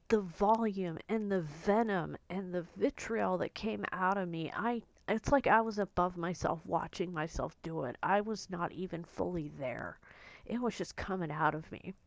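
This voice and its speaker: Woman telling a rough family story, emotional, keeps restarting, dry close sound. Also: on the low side, dry recording. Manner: emotional, halting retelling with frequent restarts. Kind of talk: personal storytelling monologue.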